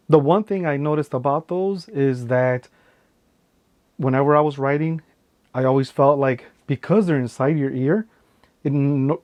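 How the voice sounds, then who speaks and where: Guy rambling on his tech vlog, mid pitch, keeps saying right?. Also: darkish tone. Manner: rambling, repeats filler phrases, frequent "right?" tags. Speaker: tech vlogger. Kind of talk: casual unboxing vlog.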